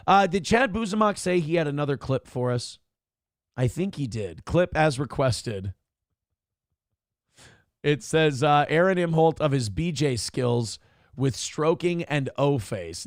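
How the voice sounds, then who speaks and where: A male host chats casually with his live-stream audience, reading their comments aloud and cracking crude jokes. His voice is gravelly and rises and falls in a lively way, with a dry, close sound. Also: a little high, a little slow, no echo. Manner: animated, crude, joking.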